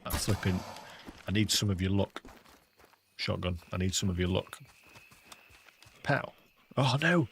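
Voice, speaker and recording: A man's voice: low voice, lively intonation, a little slow, vocal fry, long pauses, fairly bright tone, slight background noise. An English man chatting casually with viewers while livestreaming a hunting game, often calling them mate. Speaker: gaming livestreamer.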